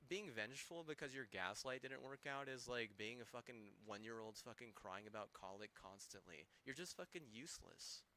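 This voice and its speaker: A man's voice: medium pitch, animated, moderate pace, hardly any pauses, bright, forceful tone. A young man streaming a game, ranting heatedly with constant swearing and rambling restarts. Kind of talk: ranting live-stream commentary.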